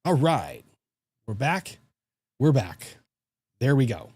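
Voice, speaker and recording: Brief: male lawyer host, mid pitch, dry close sound, wry banter with chat. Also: very animated, slow pace, a little mellow, slightly rough, dry recording. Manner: joking, self-deprecating, chatty. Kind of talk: casual livestream chat, reading viewer comments.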